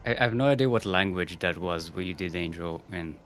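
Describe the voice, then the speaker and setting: A man's voice: low voice, fast, a bit bright. A man co-casting a live strategy game match in a laid-back, dry and teasing way. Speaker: esports caster.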